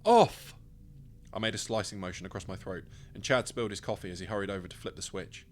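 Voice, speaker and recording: A man's voice: low-pitched, steady tone, rapid-fire, fairly bright tone, slight background noise. A man, narrating his own short story in the first person with a dry, wry delivery.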